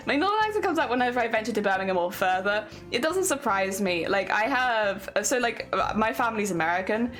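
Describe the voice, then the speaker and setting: A woman's voice: mid-range voice, fairly bright tone. A young woman with a southern English accent, chatting casually with viewers on a stream and laughing often. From southern England. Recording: faint music behind.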